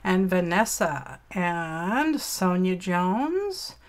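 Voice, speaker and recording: A woman's voice: fairly low pitch, very animated, drawn-out words. A woman hosting a casual craft live stream, greeting chat viewers with affectionate pet names and folksy, old-fashioned exclamations.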